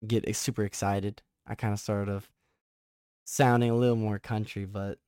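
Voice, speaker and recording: A young man hosting a casual sports podcast who gets excited, rambles and often restarts his sentences. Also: fairly low pitch, normal speed, smooth, no room sound, studio quality. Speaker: podcast host.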